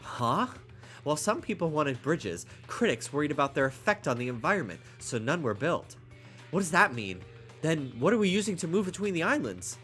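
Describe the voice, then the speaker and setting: A man's voice: on the high side, very animated, normal speed, a bit bright, soft background music. A stuffed-up man streaming, reading game dialogue aloud with playful asides and stumbles over tricky words. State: stuffed up, congested.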